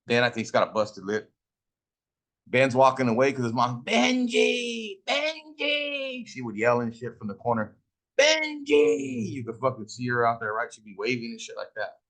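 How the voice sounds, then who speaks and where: A man's voice: mid-range voice, fairly bright tone. A middle-aged man from Fresno, California, telling stories casually while smoking, profane, boastful and full of slang. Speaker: host.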